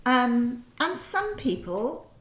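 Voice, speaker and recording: An older woman speaks with a lively, rising and falling voice. She chats in a thoughtful way with pauses. The sound carries a roomy kitchen echo. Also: a little high. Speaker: podcast co-host. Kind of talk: casual chat.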